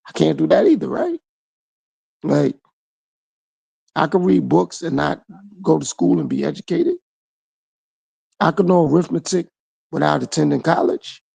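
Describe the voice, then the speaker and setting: A man's voice: a little high, animated, a little slow, gravelly, pauses often, darkish tone, slightly rough, no echo. A man hosting his own podcast, talking through a reflective solo monologue full of repeated phrases and rhetorical questions. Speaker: podcast host.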